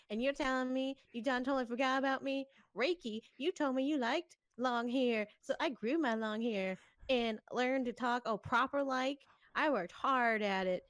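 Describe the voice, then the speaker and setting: A woman's voice: fairly high pitch, clean tone, no room sound, studio quality, lightly acted. A woman putting on a Southern-drawling proud girl. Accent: American Southern, put on. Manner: indignant, exaggerated drawl.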